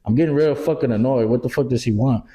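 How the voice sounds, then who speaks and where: A middle-aged Texan man co-hosting a podcast, telling animated stories in casual chat, acting out quotes and swearing freely. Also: medium pitch, quick pace. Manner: animated storyteller, acts out quotes, swears a lot. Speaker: podcast co-host.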